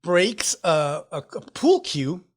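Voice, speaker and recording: A man running a tabletop game with a high voice, animated and quick to laugh. He tells the fight blow by blow, often repeating words as he goes. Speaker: game master.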